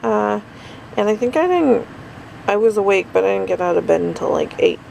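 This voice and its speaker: A woman's voice: medium pitch, lively intonation, brisk, creaky, warm tone, slight background noise, low-quality recording. A tired middle-aged woman rambling through a casual daily vlog, full of fillers and asides. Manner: rambling, chatty, lots of fillers. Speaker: vlogger.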